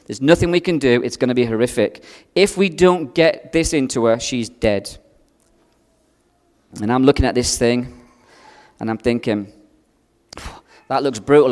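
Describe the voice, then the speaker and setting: A man preaching a sermon, telling a personal story with strong swings between loud and hushed delivery. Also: medium pitch, moderate pace, long reverb tail. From outside America.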